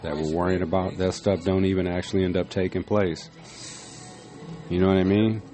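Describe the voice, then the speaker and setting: A man's voice: deep voice, little pitch movement, brisk, warm tone. A man hosting a casual home vlog, chatting in a laid-back, rambling way with lots of fillers. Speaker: vlog host. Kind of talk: casual chat. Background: music playing.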